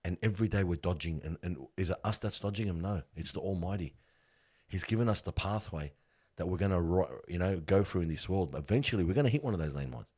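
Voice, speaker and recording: This is a deep-voiced, fast-talking middle-aged man with a breathy edge who works with funerals. He tells stories earnestly and animatedly in a relaxed interview, often calling the listener "bro."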